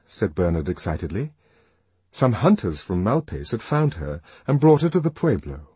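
A man reads a novel aloud in a husky, rough-edged voice that sits a little low. His pitch moves expressively with the story, and the sound is dry and close. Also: dry recording. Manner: expressive reading that shifts voice for characters. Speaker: narrator. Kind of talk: scripted audiobook narration.

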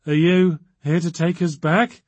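Guy doing a higher, husky-ish awkward schoolgirl, babbly and shaky. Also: little pitch movement, unhurried, darkish tone, no echo. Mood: anxious. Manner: quivering, rambling. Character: nervous awkward teenage schoolgirl.

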